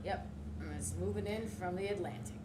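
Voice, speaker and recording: A woman's voice: fairly low pitch, fairly quick. A woman co-hosting a casual chat podcast, blunt and brash, swearing freely. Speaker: podcast co-host. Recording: echoey room with background noise.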